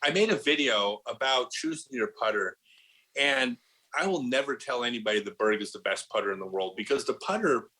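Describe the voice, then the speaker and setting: Bright-voiced middle-aged man telling stories. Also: mid-range voice, rough recording. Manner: animated storyteller, lots of restarts and "like". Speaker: podcast guest, disc golf pro. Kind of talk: casual podcast chat.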